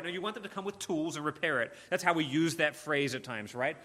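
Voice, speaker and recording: A man's voice: on the high side, expressive, fairly quick, bright, forceful tone. A man preaching a sermon, earnest and emphatic, often repeating words and restarting phrases.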